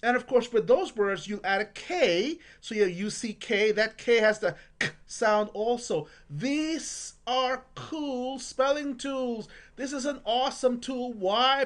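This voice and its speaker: A woman, a reading coach giving a parent tips lesson, upbeat and sounding out syllables with exaggerated emphasis. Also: fairly high pitch.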